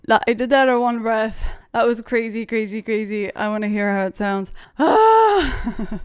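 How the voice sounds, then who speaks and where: A woman's voice: fairly high pitch, flat delivery, brisk, clean tone, dry recording, studio quality. A woman musician talking casually about scoring a film, enthusiastic and chatty, swearing freely and laughing often. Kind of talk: casual vlog talk about her work. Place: home studio in an apartment.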